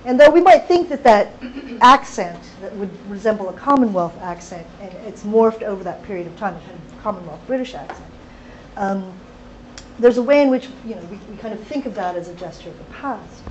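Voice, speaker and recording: A woman in her thirties, an academic reading her research talk aloud in a seminar room, measured and literary with occasional off-script asides. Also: medium pitch, expressive. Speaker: academic lecturer. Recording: dull lo-fi lecture recording, faint noise.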